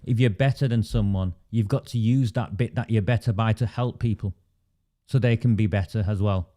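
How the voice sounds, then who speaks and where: A man's voice: on the low side, normal speed, mellow. A man hosting a political livestream, emphatic and indignant, stopping to answer viewer comments. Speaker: livestream host.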